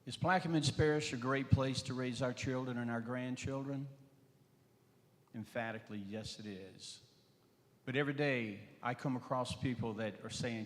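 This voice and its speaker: A man's voice: medium pitch, normal speed. An older man making an earnest, emphatic closing campaign statement at a forum. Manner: earnest, emphatic, rising to punchy slogans. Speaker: candidate for parish president. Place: school auditorium. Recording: reverberant auditorium with long echo.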